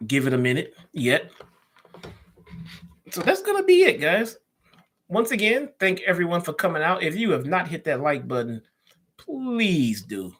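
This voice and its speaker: A man's voice: on the high side, sing-song, normal speed, a bit bright, slightly rough. A man with a Chicago accent hosting a casual live stream, chatting loosely and answering viewer comments as he goes.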